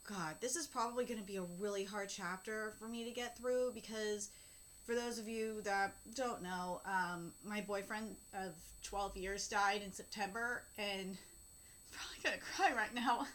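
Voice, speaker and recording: A woman in her thirties hosts a manga reaction, reading dialogue aloud in a mid-range, slightly slow voice. She reads the lines flatly, then breaks into candid, emotional outbursts.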